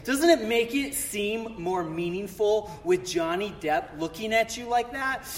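High-voiced joking pastor in an echoing church. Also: male voice, lively intonation, measured pace. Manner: chatty, joking, self-deprecating asides. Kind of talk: casual humorous sermon. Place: church sanctuary.

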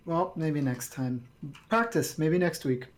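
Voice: mid-range voice, animated, a little slow. Dry-humored podcast co-host. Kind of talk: casual chat.

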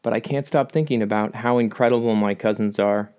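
A man's voice: on the low side, brisk, darkish tone, clean tone. A middle-aged man talking in a casual personal monologue, rambling with self-deprecating jokes and asides. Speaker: vlogger.

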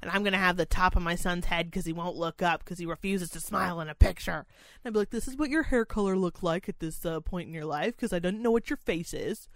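A woman in casual conversation, recounting a draining day with plenty of swearing and exasperated sarcasm. She slips into high, mocking voices to imitate others. Her voice sounds dry and close. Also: fast talker, a bit bright, no echo. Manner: profane, exasperated, sarcastic ranting. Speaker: parent chaperone telling a story. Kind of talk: casual storytelling chat.

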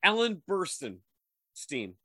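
A man's voice: high voice, huge pitch swings, slow pace, bright, forceful tone, no echo, studio quality. A man co-hosting a podcast in casual chat, rambling and crude, stumbling over names, on a video call. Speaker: podcast co-host.

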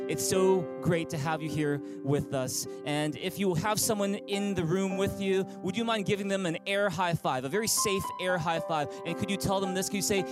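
High-voiced upbeat male pastor. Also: steady tone, brisk, few pauses, over loud music, poor audio. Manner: upbeat, inviting, leads the congregation in call-and-response. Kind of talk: sermon. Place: church service streamed online.

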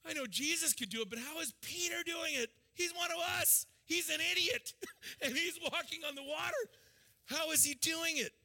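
A baffled disciple yelling in disbelief, as a preacher puts him on. The voice is high and very bright. The shout rings through a long hall reverb. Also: male voice, moderate pace, heavily acted. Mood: incredulous. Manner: shouting, incredulous. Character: baffled male disciple, incredulous.

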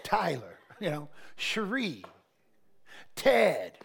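A man preaching a sermon as pastor, animated, with storytelling asides. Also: high voice, drawn-out words, vocal fry, a little hiss or hum.

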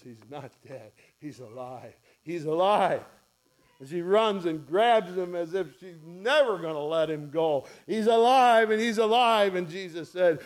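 Slow-speaking preacher man. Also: a little high. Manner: storytelling preacher, acts out quoted voices softly and loudly. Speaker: pastor. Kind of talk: sermon. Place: church.

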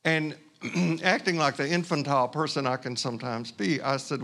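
Gravelly-voiced preacher telling a story. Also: male voice, on the high side, fairly even intonation, fairly bright tone. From Houston, Texas. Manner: conversational, halting with fillers and asides. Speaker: pastor. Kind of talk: sermon storytelling.

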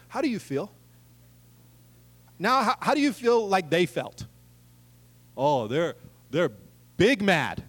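A man preaching a sermon, reading scripture and breaking in with joking, animated asides to the congregation. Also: high-pitched, measured pace. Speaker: pastor. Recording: long reverb of a large hall.

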